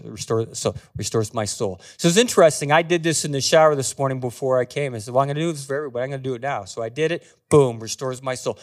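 A man giving a talk as a guest speaker, earnestly guiding a small group through a slow, meditative scripture reading. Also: on the high side. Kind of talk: sermon with guided scripture reading. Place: meeting room with a small group.

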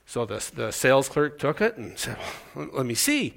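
With big swings in pitch and some vocal fry, a middle-aged man from Canada preaches at a normal speed in a medium, slightly bright voice. His sermon is conversational and self-deprecating, full of stories in which he acts out the voices.

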